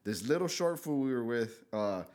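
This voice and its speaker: A man's voice: medium pitch, expressive, normal speed, darkish tone. A middle-aged man as a podcast guest, telling stories in a laid-back, profane way and acting out quotes with a raised voice. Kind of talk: casual storytelling chat.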